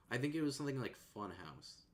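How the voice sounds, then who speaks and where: A man streaming and chatting casually at a desk microphone in a rambling, laid-back way that often trails off softly. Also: medium pitch, big pitch swings, normal speed. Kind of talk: casual chat.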